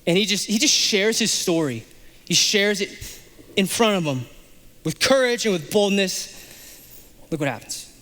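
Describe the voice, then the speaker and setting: A man pastor preaching a sermon, animated, acting out the characters of a scripture passage in quick asides. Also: high voice, in a large hall.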